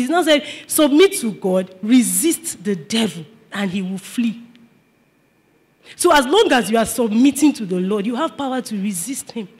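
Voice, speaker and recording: A man's voice: extremely high pitch, husky. A male pastor preaching a sermon emphatically, repeating his points and calling on the congregation to respond. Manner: emphatic, repetitive, calls for response.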